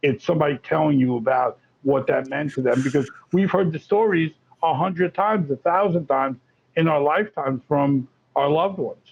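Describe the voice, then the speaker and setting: A gravelly man with a fairly high voice speaks as a guest on an interview show, chatty and animated and often restarting his sentences. The sound is muffled and lo-fi. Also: moderate pace. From Florida. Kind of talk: casual interview talk. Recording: lo-fi muffled audio.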